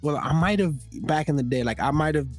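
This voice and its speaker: A man hosting a casual talk podcast, telling stories and acting out loud quotes as he goes. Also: a little high, brisk, soft background music. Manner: animated storytelling with loud acted-out quotes. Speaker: podcast host. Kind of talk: casual conversation.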